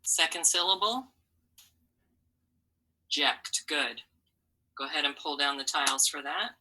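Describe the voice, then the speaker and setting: A woman's voice: low voice, measured pace, sharp tone, a little hiss or hum, low-quality recording. A woman teaching a phonics lesson to children, patiently sounding out letters and syllables and encouraging them.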